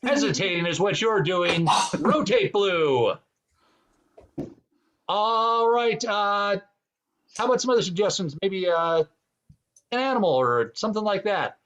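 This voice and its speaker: High-voiced man hosting an improv show. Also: expressive, normal speed, highs cut off, background noise. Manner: rambling, many fillers. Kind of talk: casual game hosting.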